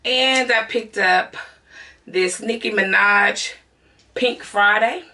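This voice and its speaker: Chatty Southern woman with a gravelly voice. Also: mid-range voice, slow, sharp tone, distant mic. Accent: Southern American. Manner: chatty, talks straight to viewers as y'all. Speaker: beauty vlogger. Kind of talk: casual haul vlog to camera.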